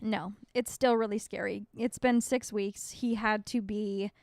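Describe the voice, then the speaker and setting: Candid young woman, smooth and dry. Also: medium pitch, fairly even intonation, a little slow, a little mellow, no room sound. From North Dakota. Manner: candid, swears freely, rambling. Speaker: podcast co-host. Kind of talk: casual podcast chat.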